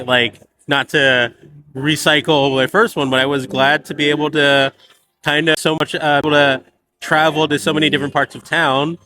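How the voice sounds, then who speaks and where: A man at a game night, thoughtful and hesitant, pausing often while he finds his words. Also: on the high side, bright, forceful tone, poor audio. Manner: hesitant, thoughtful, many fillers. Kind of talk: casual chat.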